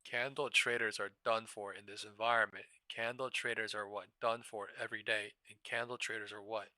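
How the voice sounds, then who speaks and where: A man hosting a live trading stream, ranting fast and emphatically with heavy profanity. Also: on the low side, steady tone, sharp tone, no room sound.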